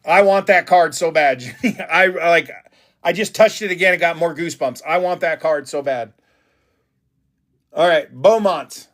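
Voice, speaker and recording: Hyped male stream host running a card break, slightly higher voice, talks straight to viewers. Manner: excitable, hyped, chatty with viewers.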